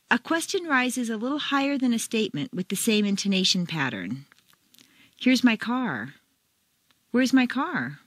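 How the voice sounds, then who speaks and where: An American woman reading a scripted pronunciation lesson, demonstrating intonation with clear, deliberate examples. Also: mid-range voice, dry recording. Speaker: pronunciation teacher. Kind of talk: scripted instructional narration.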